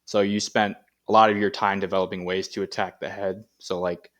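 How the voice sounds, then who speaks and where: A man being interviewed as a Paralympic athlete, talking in a relaxed, rambling way with many fillers. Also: low-pitched, a little fast. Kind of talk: casual interview chat.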